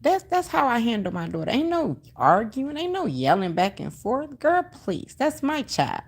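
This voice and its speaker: This middle-aged livestream host has a fairly high, sing-song, slightly rough voice at a normal speed. Sassy and preachy, she responds to comments from viewers, hammering home her points emphatically and saying them again and again.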